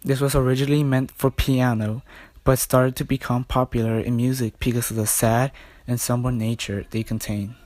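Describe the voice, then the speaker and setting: A man's voice: mid-range voice, level tone, moderate pace, a little mellow, no echo. A young man reading a class presentation, correcting small slips as he goes. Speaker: student presenter.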